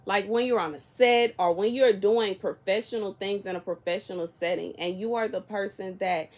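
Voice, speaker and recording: A woman in her early thirties, talking casually to camera in a soft-spoken, chatty and rambling way. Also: medium pitch, normal speed. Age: 30s. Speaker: prophetic content creator.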